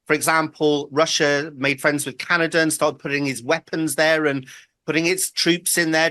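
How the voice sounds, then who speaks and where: Blunt man, bright dry voice. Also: mid-range voice, no room sound. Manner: blunt, opinionated, many ums. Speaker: panel guest, fellow show host. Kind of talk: panel news debate.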